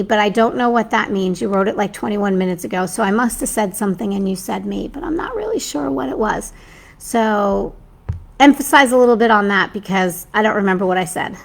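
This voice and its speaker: A woman's voice: medium pitch, gravelly. A woman hosting a casual live stream as Mrs. Claus. She is chatty and scattered, reads out viewer comments and often loses her train of thought. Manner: reads a story aloud to viewers. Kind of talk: casual livestream chat reading viewer comments.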